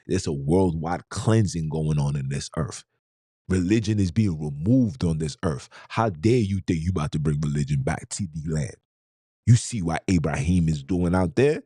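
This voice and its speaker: Fired-up preachy man, deep and dark. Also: lively intonation, normal speed, husky, no room sound, studio quality. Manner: preachy, fired-up, hammering rhetorical questions; streetwise slang. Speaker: podcast host. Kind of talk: impassioned monologue.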